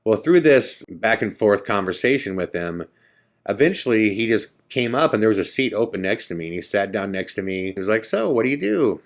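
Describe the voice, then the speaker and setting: Man, podcast host, deep voice, casual storytelling, chatty, self-correcting. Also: a little fast. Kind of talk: casual first-person storytelling.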